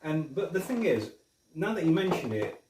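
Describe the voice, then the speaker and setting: A man's voice: on the high side, big pitch swings, normal speed, background noise. A man hosting a casual film review podcast, retelling scenes in a rambling way with restarts. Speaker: podcast host. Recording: roomy, mic at a distance.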